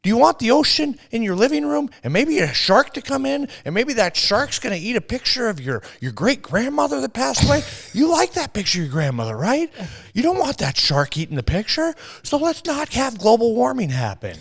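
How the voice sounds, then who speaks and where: A man doing a high, shouting impression of an exasperated man lecturing on a comedy show. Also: huge pitch swings, brisk, creaky, hardly any pauses, exaggerated voice. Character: fed-up man ranting on a TV show. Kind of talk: comedy sketch retelling.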